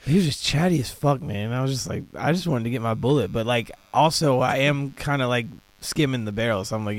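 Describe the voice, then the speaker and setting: A man co-hosting a podcast, chatting casually over drinks and telling animated stories with a lot of swearing. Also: mid-range voice, fairly quick, no room sound. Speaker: podcast co-host. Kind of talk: casual chat while drinking.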